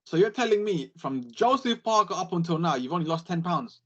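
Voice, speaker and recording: A young man, talking boxing in a casual podcast chat, animated and full of swearing. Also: high voice, brisk, dull audio. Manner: animated, sweary, repeats catchphrases. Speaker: podcast co-host.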